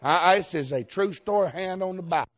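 A man preacher from Georgia with a Southern accent, telling a funny story in a folksy, self-mocking way, often laughing through his words and breaking into shouts. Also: sits high, fairly quick, muffled recording, a faint crowd. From Georgia, USA. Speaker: visiting preacher. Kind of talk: humorous storytelling sermon.

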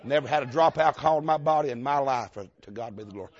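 A man preacher from Georgia with a Southern accent, telling a funny story in a folksy, self-mocking way, often laughing through his words and breaking into shouts. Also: mid-range voice, very fast, highs cut off. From Georgia, USA. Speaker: visiting preacher. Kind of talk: humorous storytelling sermon.

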